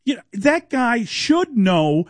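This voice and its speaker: A man's voice: extremely high pitch, sing-song, slow pace, no echo. A man co-hosting sports talk radio, blunt and skeptical, pushing back on his partner.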